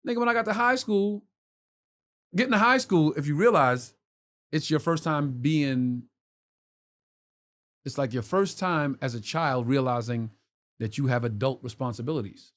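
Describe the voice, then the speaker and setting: Animated, profane man, fairly high voice. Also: moderate pace, pauses often. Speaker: podcast co-host. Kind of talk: casual chat.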